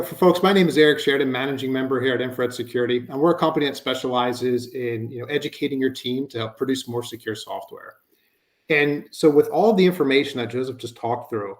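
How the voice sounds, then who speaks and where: A man giving a conversational webinar presentation, explaining with frequent fillers like "you know" and "um.". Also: mid-range voice.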